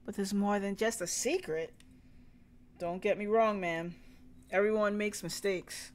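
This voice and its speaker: A woman voicing a calm small-town male sheriff in a story game, with a slow put-on drawl. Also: mid-range voice, close to an everyday voice.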